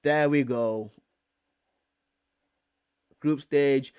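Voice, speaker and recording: A man's voice: medium pitch, drawn-out words, clean tone. A young man, chatting casually as a streamer reacting to his chat, full of slang and repeating himself. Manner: slangy, excitable, repeats himself with bro and fam.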